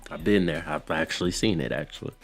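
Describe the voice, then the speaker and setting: A man's voice: very deep voice, fast, creaky, heavy background noise. A man co-hosting a casual movie review chat who laughs often and acts out lines from the film. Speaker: podcast co-host.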